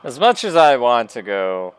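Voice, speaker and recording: A man's voice: mid-range voice, sing-song, normal speed, slight background noise. A man musing offhandedly as he comments on a game he is playing. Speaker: let's play host. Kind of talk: casual gameplay commentary.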